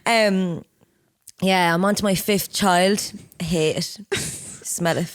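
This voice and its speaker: A woman's voice: fairly low pitch, steady tone, slow pace, no echo, clean studio sound. A young woman co-hosting a podcast, joking and laughing often as she banters. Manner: joking, laughs often, playacting her co-host. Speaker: podcast co-host. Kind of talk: casual chat.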